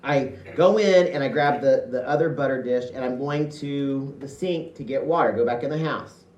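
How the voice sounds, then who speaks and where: A man from Indiana performing a one-man show, telling funny childhood stories in a chatty, animated way. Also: medium pitch, normal speed, muffled recording. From Indiana, USA. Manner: chatty, animated, with self-amused laughs. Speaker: solo stage performer. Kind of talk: comic storytelling monologue. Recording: echoey hall, distant mic.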